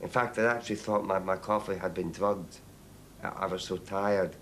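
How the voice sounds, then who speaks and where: Older man from Northern Ireland, documentary interviewee; low voice, halting delivery with repeated words, faint hiss in the background. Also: steady tone, a bit bright. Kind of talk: documentary testimony.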